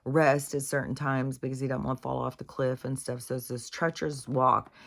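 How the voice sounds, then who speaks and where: A woman's voice: a bass voice, flat delivery, fairly quick, gravelly. A woman in a casual spiritual monologue, speaking candidly, swearing freely and restarting her sentences.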